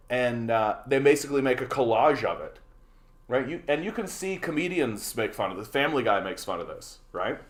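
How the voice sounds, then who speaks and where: A man's voice: medium pitch, expressive, fairly quick. A Canadian man hosting a political livestream, ranting sarcastically and repeating words as he goes. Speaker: livestream host.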